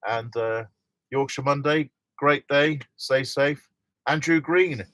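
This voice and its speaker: A man's voice: medium pitch, slow pace, a bit bright, no echo. A middle-aged man hosting a casual live stream from inside a motorhome, chatting and reading out viewer comments with frequent laughs.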